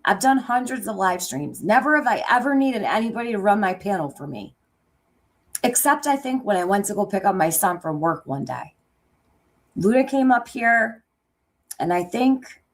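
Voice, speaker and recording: A middle-aged woman hosting a reaction commentary, speaking bluntly and angrily with lots of swearing and sarcastic quoting. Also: on the high side. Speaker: commentary channel host.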